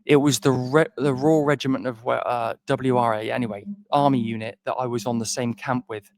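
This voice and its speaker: A man's voice: medium pitch, steady tone, moderate pace, dry recording. A man co-hosting a podcast, telling a long self-deprecating story in a rambling way with many restarts. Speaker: podcast co-host. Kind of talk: casual storytelling chat.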